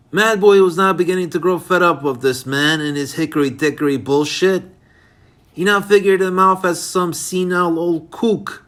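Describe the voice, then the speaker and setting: A man reads his own thriller aloud as audiobook narration. His voice sits a little high, and he stumbles now and then, correcting himself as he goes. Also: a bit bright. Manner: reads unevenly, with small slips and self-corrections. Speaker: author reading his novel.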